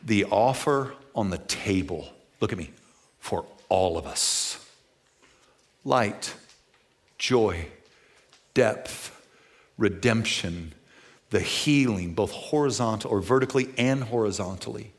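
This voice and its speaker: A middle-aged man preaching a sermon as pastor, animated, moving from hushed passages to near-shouting. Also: on the low side, takes it slowly, pauses often.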